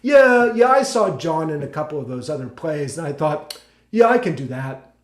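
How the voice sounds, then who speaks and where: Big, loud, easygoing teen boy, slow and booming, as a man puts him on, echoey room. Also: very animated.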